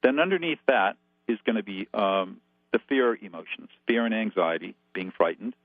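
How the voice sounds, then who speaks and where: A man's voice: on the low side, lively intonation, moderate pace, no echo. A man as a guest expert, calling in and laying out numbered steps in a methodical, instructive way over a tinny phone line. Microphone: telephone.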